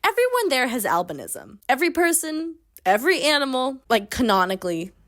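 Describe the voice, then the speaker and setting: A young woman, recapping a bad book in casual comedic style, sarcastic and animated, swinging between hushed asides and loud outbursts. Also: high voice, a little fast. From Canada. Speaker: book reviewer.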